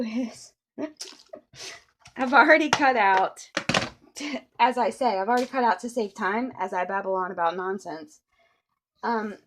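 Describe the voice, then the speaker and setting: A middle-aged woman chatting through a papercraft tutorial, rambling with playful asides. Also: a little high. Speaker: papercraft demonstrator. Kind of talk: casual crafting tutorial.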